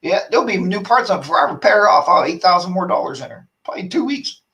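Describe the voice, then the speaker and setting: A man's voice: high voice, expressive, very fast, pushed and bright, distant mic. A man hosting a casual live-stream chat, rambling and ranting while reading viewer comments aloud. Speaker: host of a motorcycle chat show.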